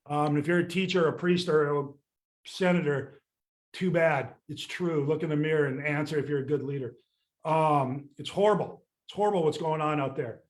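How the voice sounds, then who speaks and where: An older man, a real estate sales coach ranting bluntly and with exasperation, swearing casually in a podcast chat. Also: a little high. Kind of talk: candid podcast rant.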